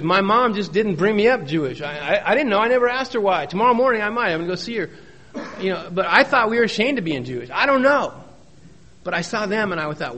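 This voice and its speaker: A middle-aged man shares his recovery story with a meeting, in a folksy, joking way. He leans on repeated phrases for emphasis, and his voice sits a little high for a man. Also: fairly bright tone. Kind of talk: personal testimony talk.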